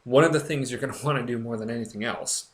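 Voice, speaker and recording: A young man talking earnestly to camera in a personal vlog, stumbling and restarting often as he speaks with emotion. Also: mid-range voice. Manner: earnest, halting, with frequent restarts. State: recovering, emotional. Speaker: blogger. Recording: echoey room.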